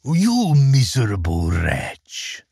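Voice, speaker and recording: A man voicing a grim old undead man in a storybook, with a slow, drawn-out delivery. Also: mid-range voice, wildly swooping pitch, vocal fry, a little mellow, slightly rough, dry recording, clean studio sound, full character voice. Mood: menacing.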